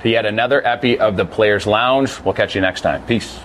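A man hosting a podcast, breezy and upbeat, steering a casual chat with quick questions. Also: lowish voice, heavy background noise. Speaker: podcast host.

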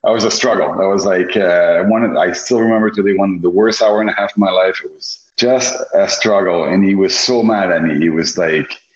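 A man's voice: deep voice, a little fast, hardly any pauses. A former hockey goalie recalling his career in a casual, rambling interview, with many restarts. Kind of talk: interview recollection. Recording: echoey room, dull lo-fi sound.

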